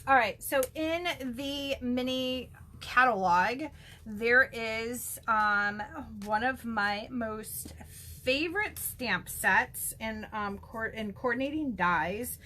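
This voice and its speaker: A woman's voice: fairly high pitch, slow pace, sharp tone, a little hiss or hum. A woman chatting through a casual card-making demo, gushing and full of ums. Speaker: stamping demonstrator.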